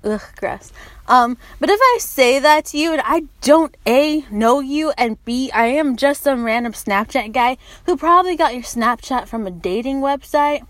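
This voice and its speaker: A woman's voice: high-pitched, animated, moderate pace, no room sound. A young woman hosting a casual podcast chat, blunt and profane, laughing often. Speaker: podcast host.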